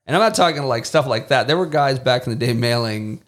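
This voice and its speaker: A man's voice: mid-range voice, fairly quick. Man telling war-zone contracting stories. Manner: animated storyteller who acts out quotes in a raised voice. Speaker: guest, former Marine and war-zone contractor. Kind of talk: casual storytelling in a podcast interview.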